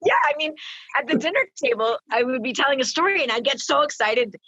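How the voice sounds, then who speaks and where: A woman co-hosting a podcast, loud and excitable, laughing often. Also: high voice, quick pace, dull audio. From Canada. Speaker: podcast co-host. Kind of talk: casual podcast chat. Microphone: office microphone, dry close sound.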